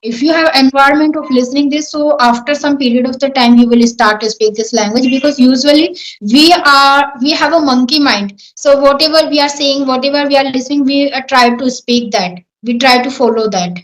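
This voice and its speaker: A woman's voice: high voice, a little fast, low-quality recording. A woman with an Indian accent answering questions in casual English practice, earnest and self-assured. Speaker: English-learning YouTuber.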